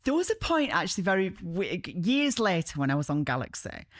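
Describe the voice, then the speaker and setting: Yorkshire lass from barnsley, broad-ish accent, bit low pitched, chatty and jokey. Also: female voice, big pitch swings, fairly quick, dry recording, studio quality. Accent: Barnsley Yorkshire, softened. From Barnsley, Yorkshire, England. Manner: chatty, self-mocking, warm anecdotes. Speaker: radio presenter, guest. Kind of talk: relaxed podcast chat.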